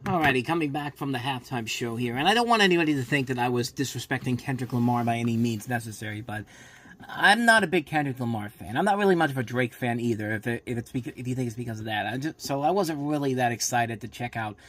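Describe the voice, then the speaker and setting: A man hosting a live rewatch, giving excitable play-by-play commentary with frequent restarts. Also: medium pitch, fast. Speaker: host live-reacting to a football game. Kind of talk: casual live sports commentary.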